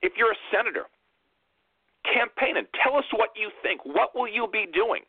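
A man's voice: high-pitched, animated, normal speed, breathy edge, no room sound. A man hosting a political talk radio show, lecturing emphatically and repeating phrases for impact. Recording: narrow phone-like dry sound.

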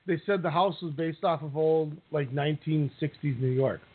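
Man, podcast co-host, joking, rambling, high voice, phone-like sound. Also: normal speed. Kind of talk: casual recap chat.

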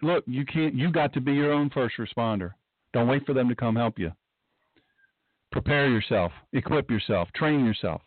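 This podcast host, a man with a medium-pitched voice, delivers an emphatic, rambling talk radio monologue and keeps circling back to repeat himself. There's no echo, and the sound is thin and phone-like.

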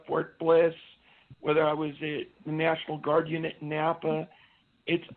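A man calling in to a radio show who tells earnest, meandering army stories in a fairly high voice. The sound is thin and tinny, like a phone line. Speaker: guest, army veteran. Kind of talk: casual phone-in storytelling.

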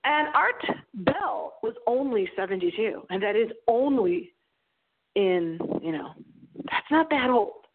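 Dramatic radio lady in her 40s telling spooky stories, kinda high voice, sounds like it's coming through a phone. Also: animated, slow pace, a little hiss or hum. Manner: dramatic, breathy storytelling delivery. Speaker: radio host. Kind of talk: dramatic paranormal radio monologue. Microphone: small microphone. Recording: tinny phone-like audio.

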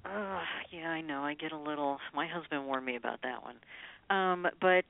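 Guest singer-songwriter woman, smooth but phone-tinny, talks in loose chatty runs, lots of ums. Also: low-pitched, moderate pace, no room sound. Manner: chatty, rambling with many ums. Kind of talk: casual interview chat.

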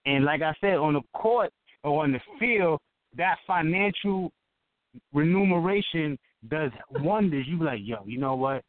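A man's voice: on the high side, a little slow, no room sound. A man co-hosting a casual comedic chat show, playful and crude, laughing often and leaning on "you know what I'm saying". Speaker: co-host. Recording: tinny phone-like line.

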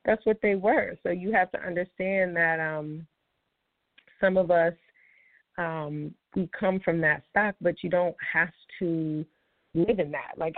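A woman's voice: fairly low pitch, vocal fry, no room sound. Woman host, blunt and heated, rambling monologue, tinny phone-like sound. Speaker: show host. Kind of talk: casual candid monologue.

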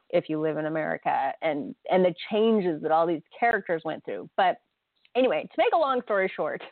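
A woman's voice: mid-range voice, dry recording. Chatty woman podcasting over a tinny line. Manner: emotional, chatty, laughs often, many fillers. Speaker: podcast host. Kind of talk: casual solo podcast monologue. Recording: dry, tinny phone-line audio.

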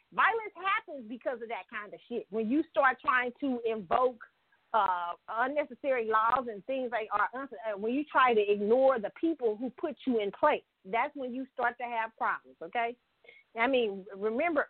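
A woman's voice: a little high, no room sound. A woman ranting bluntly in a heated, profane vlog, swearing freely and laughing between points. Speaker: vlogger. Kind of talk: profane political rant. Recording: tinny phone-like sound.

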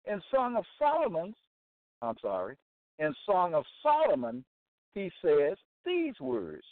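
A man's voice: high voice, huge pitch swings, measured pace, dry recording. A man hosting a religious broadcast, preaching on Bible passages in an emphatic, repetitive way and checking in with "okay?". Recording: tinny phone-line sound, dry.

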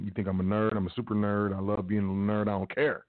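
A man's voice: fairly low pitch, fairly even intonation, racing, few pauses, no echo. A man hosting a podcast, mixing read-out news with emphatic casual commentary and slang, talking straight to his listeners. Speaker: podcast host. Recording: dry, phone-like narrow sound with faint music.

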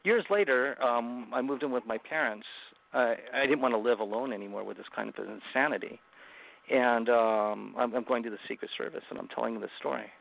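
A man, a guest author, earnestly retelling a personal story in an interview, halting and restarting often. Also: medium pitch, vocal fry. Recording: phone-like remote call line.

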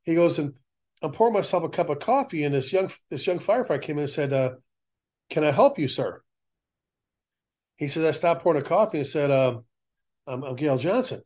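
A man's voice: on the high side, fast talker. A middle-aged man hosting a fire service talk show, telling stories in a casual way and acting out the voices of the people in them. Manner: animated storyteller acting out quoted voices. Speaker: fire service podcast host. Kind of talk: storytelling in casual chat.

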